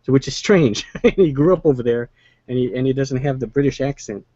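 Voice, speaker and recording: A man's voice: medium pitch, fairly quick, dark tone, no echo, dull audio. A man co-hosting a casual movie chat, rambling and hesitant, often restarting his sentences. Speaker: co-host.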